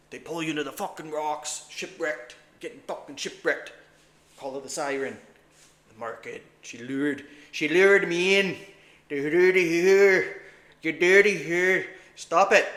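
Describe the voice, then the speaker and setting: A day trader swearing and muttering anxiously to himself while trading live, breaking into sudden shouts. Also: male voice, a little high.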